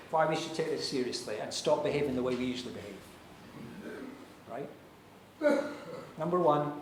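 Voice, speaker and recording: High-voiced man preaching in echoey church. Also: slight background noise. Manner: earnest, persuasive preaching with dramatic pauses. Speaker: pastor. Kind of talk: sermon. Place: church hall.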